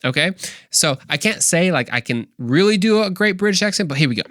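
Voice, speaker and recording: A man's voice: sits high, lively intonation, fairly quick, a bit bright, no room sound. Young male host, rambling, eager, dry close sound. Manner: enthusiastic, rambling with fillers. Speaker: podcast host. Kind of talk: casual faith talk.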